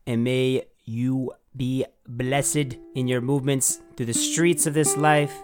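A man's voice: mid-range voice, fairly even intonation, slow pace, over loud music, lightly acted. Podcast host, male, putting on a hammy Canadian accent for the outro; folksy and chirpy. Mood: folksy cheerful. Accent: put-on Canadian. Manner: folksy, chirpy, swears casually. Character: cheery man with a put-on Canadian accent. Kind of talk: podcast sign-off.

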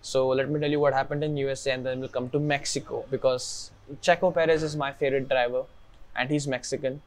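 A man's voice: medium pitch, brisk. A young man from India hosting a podcast, telling a story casually and acting out the people he quotes. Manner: animated, acts out quoted people. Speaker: podcast host.

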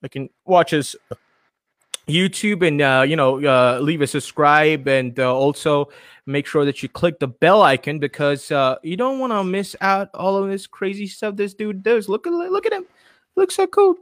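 A man's voice: on the high side, fairly even intonation, moderate pace, fairly bright tone, no room sound. A man from India, hosting a podcast in his home studio in a playful, upbeat way with many fillers. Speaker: podcast host. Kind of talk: casual podcast sign-off.

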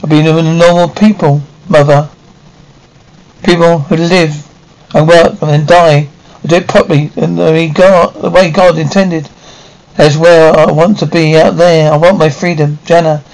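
An actress playing a rebellious grown daughter who feels trapped at home, speaking in sharp, scornful outbursts in a 1950s TV drama style. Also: female voice, low voice, fairly even intonation, normal speed, rough recording. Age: young adult.

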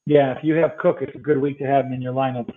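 A man's voice: mid-range voice, flat delivery, fast talker. Tinny-sounding male podcast host. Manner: talkative, rundown of matchups. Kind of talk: casual sports picks chat.

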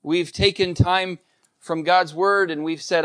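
A man's voice: high voice, steady tone, unhurried, a bit bright, smooth. A middle-aged man preaching a sermon, earnest and emphatic, repeating key points. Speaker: pastor.

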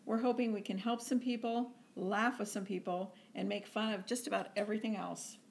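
A woman's voice: medium pitch, fairly even intonation, brisk, creaky, slight background noise. A middle-aged woman co-hosting a casual podcast, easygoing and searching for words as she explains. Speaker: podcast co-host, retired firefighter. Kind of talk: casual chat.

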